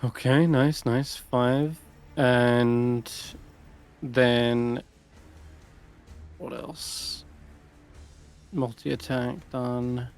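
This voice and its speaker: A man runs a live tabletop game as game master. He talks slowly and thinks aloud between moves. Faint music plays underneath. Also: mid-range voice, little pitch movement, smooth. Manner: unhurried, thinking aloud with pauses while running combat.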